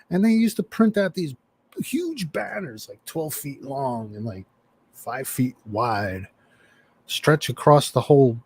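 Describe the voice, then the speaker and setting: Profane, animated male storyteller. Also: mid-range voice, dry recording. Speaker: chat participant. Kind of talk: casual storytelling.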